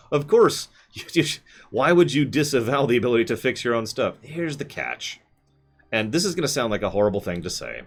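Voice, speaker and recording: A man streaming live, answering chat with rambling, self-correcting opinions. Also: lowish voice.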